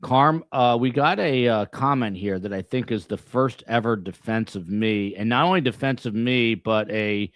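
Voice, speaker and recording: A man hosting a podcast in casual chat, talking in halting, rambling bursts with many restarts. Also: lowish voice, no echo, clean studio sound. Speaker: podcast host.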